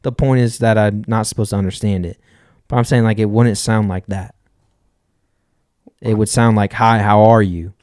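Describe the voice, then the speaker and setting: A man's voice: lowish voice, steady tone, normal speed, long pauses, dark tone, no room sound, studio quality. A man co-hosting a podcast, arguing his point insistently in casual chat and restarting his sentences. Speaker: podcast co-host.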